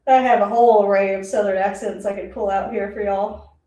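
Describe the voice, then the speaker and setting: A woman talking through a live football game as a streamer, chatty and rambling and often laughing. Her voice is mellow and a little dark. It sits away from the mic in an echoey room. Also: medium pitch, steady tone, normal speed, long pauses. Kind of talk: casual live play-by-play reaction. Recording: roomy, distant mic.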